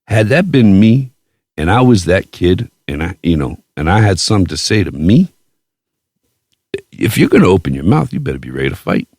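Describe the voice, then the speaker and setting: A very deep-voiced man spins a boastful, foul-mouthed story on a podcast, swinging his pitch widely as he acts out his own outbursts. The sound is dry and close, with no room echo. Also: normal speed. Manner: profane, boastful and animated, with quoted outbursts. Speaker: podcast host. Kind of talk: casual storytelling chat.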